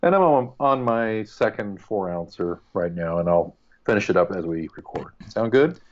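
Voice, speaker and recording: A man's voice: fairly low pitch, animated, normal speed, dull audio. A man co-hosting a podcast in casual chat, joking and rambling with asides. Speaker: podcast co-host.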